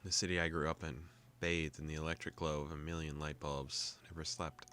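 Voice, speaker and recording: A young man hosting a gaming video, calmly reading a visual novel aloud with joking asides. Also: rumbling low, a little fast, smooth.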